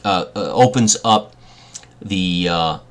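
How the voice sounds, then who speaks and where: Game master, male, low voice, halting scene narration full of fillers. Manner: descriptive, hesitant with many fillers. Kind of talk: narrating a tabletop role-playing game.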